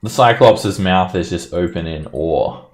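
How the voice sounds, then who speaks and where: A man narrating as game master of a tabletop game, in a relaxed, casual way. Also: deep voice, a little slow.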